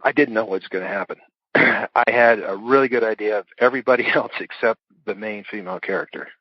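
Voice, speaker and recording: A middle-aged man with a lowish voice talks through his stories in a relaxed, rambling way, dotted with fillers and soft chuckles. The audio is dull, dry and lo-fi. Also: a little fast, no room sound. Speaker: author and interview guest. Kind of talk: casual interview conversation.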